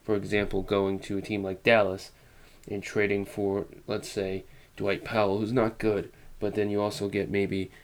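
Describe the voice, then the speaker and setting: A man's voice: lowish voice, monotone, moderate pace. A man giving solo sports analysis, talking loosely and speculatively with many fillers. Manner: rambling, speculative, many fillers like um and you know. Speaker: basketball commentator.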